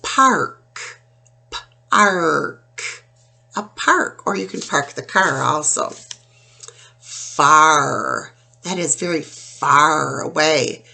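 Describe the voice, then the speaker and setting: Slow-spoken woman teaching phonics. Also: low voice, sharp tone. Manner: slow, clear, drawn-out sounding of words. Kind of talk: phonics lesson for young children.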